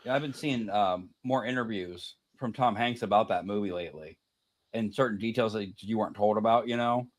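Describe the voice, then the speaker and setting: A man's voice: on the low side, brisk. Guy on a chill podcast, storytelling, chuckles at his own bits. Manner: chatty storyteller, laughs at own jokes. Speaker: podcast co-host. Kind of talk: casual chat.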